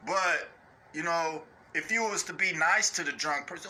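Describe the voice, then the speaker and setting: A man ranting off the cuff in a blunt, cursing way, always checking in with his listeners. His voice sits a little high and carries a very bright, forceful edge. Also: normal speed, a little hiss or hum. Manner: blunt, profane, repeats "you know what I'm saying"; mocks others in high put-on voices. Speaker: online ranter. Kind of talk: unscripted rant.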